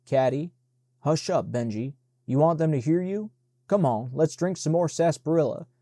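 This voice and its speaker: Man putting on a young servant boy, Southern dialect, loud and excitable, mellow dry tone. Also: a little high, moderate pace, dry recording, natural voice. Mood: urgent. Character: young Black servant boy, giddy and tipsy.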